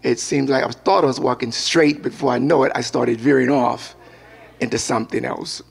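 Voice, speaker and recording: A man's voice: mid-range voice, steady tone, fairly quick, creaky, husky. An older man, a pastor, preaching a sermon and weaving scripture together with a personal story.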